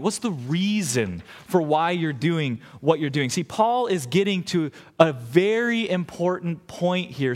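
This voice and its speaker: A man preaching a sermon as pastor, emphatic and firing rhetorical questions at the listeners. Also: high-pitched. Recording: long hall reverb.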